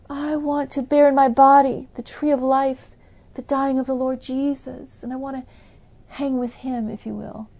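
A woman preaching a sermon in a fervent, emphatic way, breaking into loud bursts. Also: sits high, lo-fi sound.

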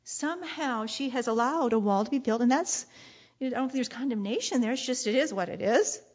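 A woman preacher giving a sermon in a playful, animated way. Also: a little high, fairly quick, lo-fi sound. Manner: playful and animated, often laughing and acting out quoted lines.

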